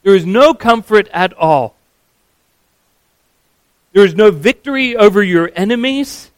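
A man preaching a sermon, earnest and emphatic, slowing down to stress key words. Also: high voice, no room sound.

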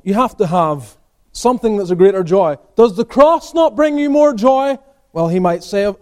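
A pastor preaching a sermon, asking rhetorical questions and answering them, swinging from emphatic peaks to quiet asides. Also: male voice, sits high.

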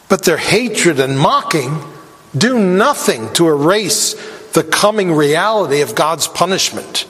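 A man preaching a sermon, deliberate and emphatic, and his voice climbs when he quotes scripture. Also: a little high, sing-song, fairly bright tone, long reverb tail.

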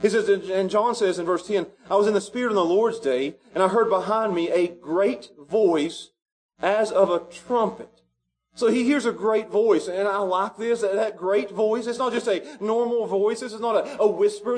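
A man preaching a sermon as pastor, animated and rising to shouts at the high points. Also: normal speed.

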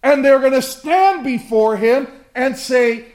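High-voiced impassioned male preacher. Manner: impassioned preaching, swinging from loud surges to hushed drawn-out words. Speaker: pastor. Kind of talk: sermon.

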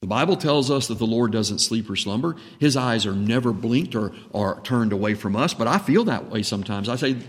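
A man preaching a sermon as pastor, impassioned, dropping to a hush and then rising to a booming voice. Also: expressive, a little fast, hardly any pauses. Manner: impassioned, swings between hushed and booming when voicing Jesus. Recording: reverberant hall.

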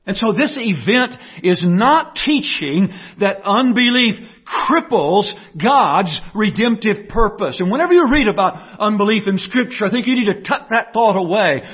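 A man's voice: sits high, husky, dull audio. A man preaching a sermon, emphatic, repeating key phrases and asking the listeners rhetorical questions.

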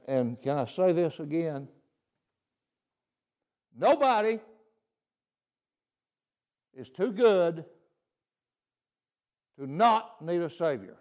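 A man's voice: a little high, darkish tone. A male preacher delivering a folksy sermon, often asking "See?".

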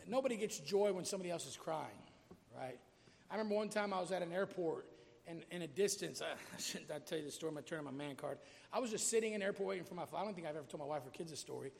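A man's voice: high voice, vocal fry, in a large hall. A man preaching a sermon, talking casually to the congregation and rising to emphatic peaks. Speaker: pastor.

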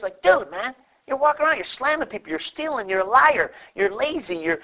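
Middle-aged man, pastor type. Higher-pitched voice, animated preaching, dramatizes quotes. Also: fairly quick, poor audio. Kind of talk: sermon.

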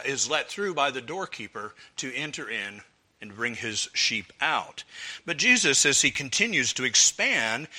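Bright, forceful preaching man. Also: mid-range voice. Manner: measured, emphatic preaching with pauses and restarts. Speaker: pastor. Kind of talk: expository sermon.

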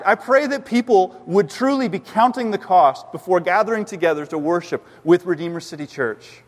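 A man's voice: high voice, moderate pace, hardly any pauses. A man, a pastor preaching a sermon in a church, earnest and emphatic with frequent restarts. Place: church sanctuary. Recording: long hall reverb.

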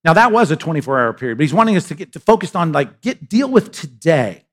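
A middle-aged man preaching to a church congregation, and his voice sits a little higher than most men's. His delivery is lively and conversational, with quick asides, and he slips into the voices of the people in his text. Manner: animated, conversational preaching with frequent "right?" asides; acts out voices of characters in the text. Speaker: pastor. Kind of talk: sermon. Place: church sanctuary.

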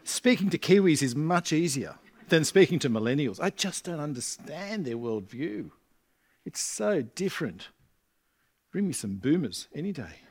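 A man's voice: on the high side, big pitch swings, normal speed, a little mellow, slightly rough. A middle-aged man from Australia preaching a sermon in a chatty way, asking his congregation rhetorical questions. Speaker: visiting preacher. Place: church congregation.

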